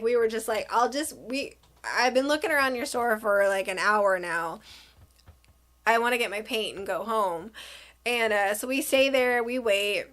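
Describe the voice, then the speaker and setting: A woman vlogger telling a story in a casual, chatty way, acting out what people said. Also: a little high. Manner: chatty, animated, acts out quotes.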